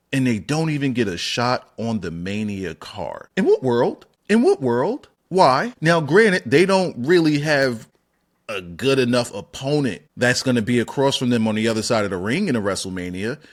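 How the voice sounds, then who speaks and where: Man, solo opinion rant, lively swooping pitch, profane, rhetorical questions. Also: moderate pace. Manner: animated, profane, rhetorical questions, sudden high exclamations. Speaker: wrestling commentary channel host.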